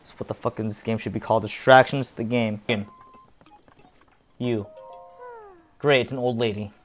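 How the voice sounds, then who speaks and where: A man's voice: mid-range voice, steady tone, moderate pace, soft background music. A young man casually commenting on gameplay, swearing and muttering at the game. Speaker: gamer, video host.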